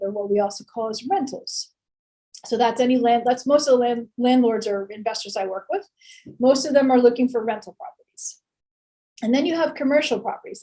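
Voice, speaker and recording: A woman with a somewhat high, warm voice gives a casual real estate lecture, heard through poor audio. She's chatty, full of fillers and restarts, and keeps posing rhetorical questions.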